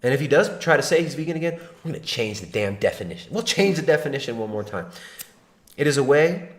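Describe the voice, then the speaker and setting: A man's voice: medium pitch, very animated, fast, reverberant. A man hosting a livestream, giving mocking reaction commentary in a sarcastic, laughing way. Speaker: livestream host.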